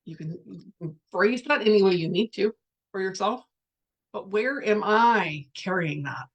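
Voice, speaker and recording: A woman's voice: mid-range voice, expressive, a little slow, husky, dull audio. Frank, chatty woman on a livestream. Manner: frank and chatty, reads viewer comments aloud. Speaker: spiritual coach. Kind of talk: casual livestream talk.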